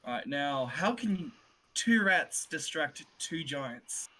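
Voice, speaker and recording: A man's voice: a little high, expressive, slow pace, sharp tone. A man playing a tabletop game, casual and hesitant, laughing easily. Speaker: player.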